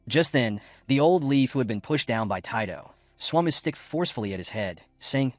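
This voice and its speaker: A man narrating a comic recap in a fast, lively storytelling way. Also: medium pitch, no echo, soft background music.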